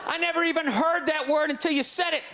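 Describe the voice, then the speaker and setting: A man's voice: very high-pitched, fairly even intonation, fast talker, creaky. A middle-aged man with a Boston accent doing a brash, ranting stand-up set, mocking the crowd. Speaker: stand-up comedian. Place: comedy stage before a live audience. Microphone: handheld stage mic. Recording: live club recording with crowd noise.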